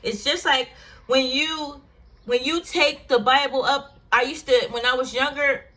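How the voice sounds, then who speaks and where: Bright-voiced woman telling a personal story. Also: sits high, steady tone, unhurried. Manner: candid, emotional, rambling with fillers. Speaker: vlogger.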